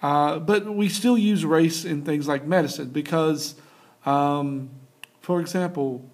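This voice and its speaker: A man's voice: a little high, takes it slowly. A young adult man giving a casual recorded geography lecture over slides, talking loosely with many fillers and restarts. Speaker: teacher.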